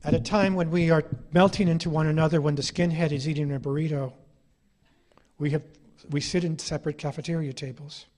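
A man's voice: a little high, fairly even intonation, a little fast, a little mellow. A middle-aged man, an author giving an anecdotal public lecture, telling his stories with a wry, ironic edge.

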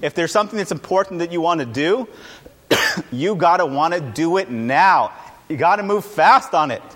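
Addressing a live crowd, an entrepreneur with a fairly high-pitched voice talks at a moderate pace. The talk is casual and full of energy, mixing punchy lines with jokes at his own expense.

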